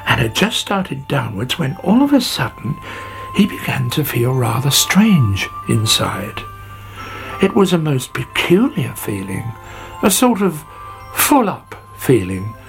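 Slow, lively storybook reader with music. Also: male voice, mid-range voice, creaky. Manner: slow, expressive reading. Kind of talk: children's story reading.

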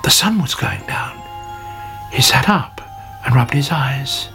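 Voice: mid-range voice, very animated, slow, over music. A narrator reading a children's fable aloud with expression. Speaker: storyteller.

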